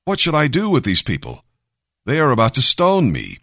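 A man reading the words of Moses, a stern elderly leader, in an earnest, measured way. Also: fairly low pitch, expressive, dry recording, studio quality, lightly acted. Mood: exasperated.

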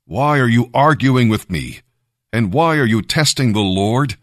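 A man reading the words of Moses, a stern elderly leader, in an earnest, measured way. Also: medium pitch, animated, fairly bright tone, dry recording, studio quality, pitched above the performer's own voice. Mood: exasperated.

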